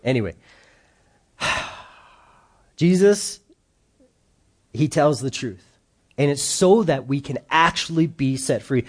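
A man's voice: on the high side, expressive, slow pace, pauses often. A man preaching a sermon in a casual, joking way, acting out the voices of the people he quotes. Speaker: pastor.

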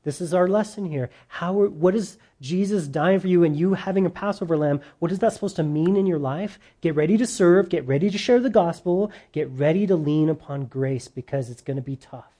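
A man preaching a sermon to his church, animated and rising loud on his points. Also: a little high, brisk, hardly any pauses. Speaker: pastor.

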